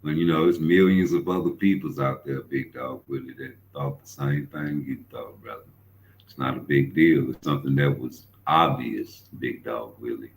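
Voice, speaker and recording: A man with a very deep, creaky voice hosts a boxing commentary show, speaking at normal speed in a steady tone. He rambles profanely through stories full of repeated fillers, a casual rant on a rough recording with a little hiss or hum.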